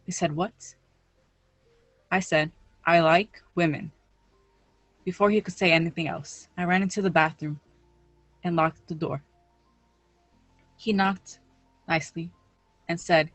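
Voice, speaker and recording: A teenage girl giving a live personal storytelling performance on stage, slow and emphatic in a dramatic delivery to an audience. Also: on the low side, steady tone, no room sound, faint music behind. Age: teens. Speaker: teen storyteller.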